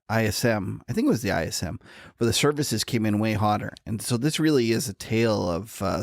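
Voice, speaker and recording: Gravelly Canadian man hosting a podcast. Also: lowish voice, no echo, studio quality. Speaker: podcast co-host. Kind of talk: casual podcast chat.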